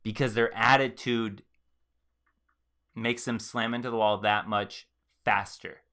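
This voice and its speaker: A man's voice: lowish voice, steady tone, unhurried, bright, forceful tone. A man hosting a live stream, commenting on a video and acting out the quoted reactions of others with emphasis. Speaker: host.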